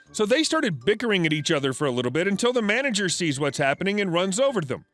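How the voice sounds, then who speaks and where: A man narrates online stories in a scripted, storytelling way. His voice sits high and moves lively up and down. Soft music plays faintly behind him. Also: fast, few pauses.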